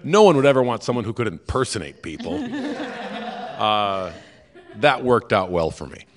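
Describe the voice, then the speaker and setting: A man's voice: on the low side, sing-song, normal speed, a crowd in the background. A man hosting a live podcast in a theater, rambling and self-deprecating, with many restarts. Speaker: podcast host. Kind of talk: casual live podcast chat.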